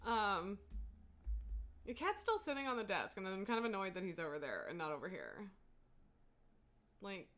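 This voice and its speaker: A woman's voice: mid-range voice, big pitch swings, normal speed, pauses often, fairly bright tone. A woman livestreaming a game, chatting casually from home in a rambling way, full of fillers and frequent laughs. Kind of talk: casual gameplay chat.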